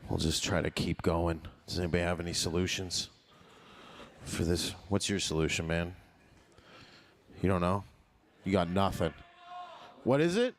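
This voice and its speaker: Low-voiced man doing crude stand-up. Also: lively intonation, normal speed, long pauses, a little hiss or hum. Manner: crude, mocking, laughs at own jokes. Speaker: stand-up comedian.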